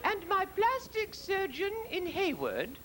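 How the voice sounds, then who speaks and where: A male drag comedian playing a haughty, catty older queen, grand and imperious, with sudden drops into a low voice. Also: huge pitch swings, slow pace, noisy background, heavily acted. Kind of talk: stand-up drag impression.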